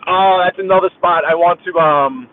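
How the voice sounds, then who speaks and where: A man's voice: high-pitched, moderate pace. Chatty New York man in a car. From Brooklyn, New York. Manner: rambling, talkative, chatty with viewers. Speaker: live-stream driving host. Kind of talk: casual live-stream chat while driving. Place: inside a car. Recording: tinny phone-like audio.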